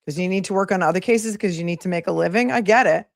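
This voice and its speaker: A woman's voice: on the low side, quick pace, vocal fry, dry recording, studio quality. A woman attorney giving live legal commentary in an emphatic, sarcastic, scolding way.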